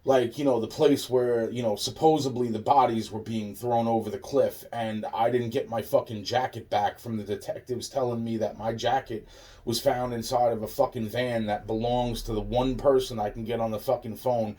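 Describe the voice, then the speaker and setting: A man's voice: medium pitch, fairly even intonation, moderate pace, dark tone, far from the mic. A man in a rambling, profane monologue, restarting his sentences again and again.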